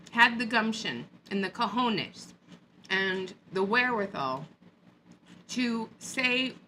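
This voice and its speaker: A woman vlogger with a medium-pitched, sharp voice delivers a sarcastic, mocking rant from a hot upstairs room. There is slight background noise.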